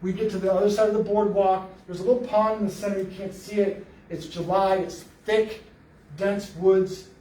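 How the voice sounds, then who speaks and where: A man telling an animated, joking story to an audience, acting out what people said. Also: high-pitched, normal speed. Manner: animated storyteller, jokey, acts out quotes. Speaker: Bigfoot researcher giving a library talk. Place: library meeting room. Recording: roomy hall, mic at a distance, faint noise.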